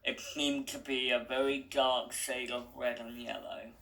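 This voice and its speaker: Casting: male narrator reading fan fiction aloud, gravelly, bright tone, unhurried. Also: mid-range voice, flat delivery, slight background noise, poor audio. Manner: slow, deliberate, with small restarts.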